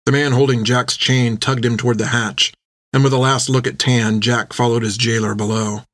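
A man reading a story aloud in steady, even narration on a close microphone. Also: medium pitch, normal speed, no room sound. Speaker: audiobook narrator.

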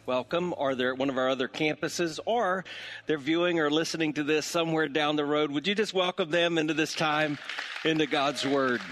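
A senior pastor preaching a sermon to his congregation, telling a joke story in an animated way. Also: fairly high pitch, normal speed, in a large hall, a little hiss or hum. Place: church sanctuary.

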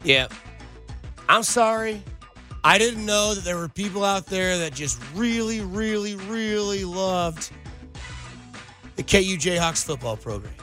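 A man's voice: high voice, expressive, unhurried, long pauses, pushed and bright, soft background music. A male sports radio host talking with a sarcastic, riled-up edge.

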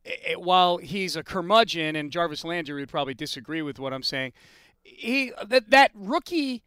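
Sports talk host, male, chatty and opinionated, crisp and slightly raised voice. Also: a little high, animated, fairly bright tone, dry recording, clean studio sound. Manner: chatty, opinionated, quick follow-up questions.

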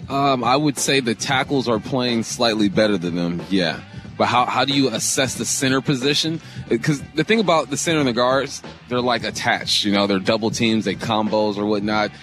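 A man's voice: medium pitch, moderate pace, over music. A man co-hosting a sports radio show, casual and enthusiastic, breaking down football line play plainly. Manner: laid-back, enthusiastic, explains football plainly.

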